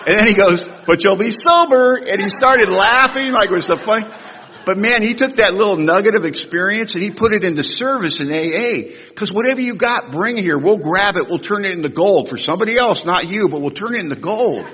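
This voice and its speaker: A husky man in his sixties speaking at a recovery convention, telling humorous, animated stories with big swings in pitch and loudness. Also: fairly quick. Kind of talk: storytelling talk at a recovery convention. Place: large convention hall. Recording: echoey hall, dull lo-fi sound.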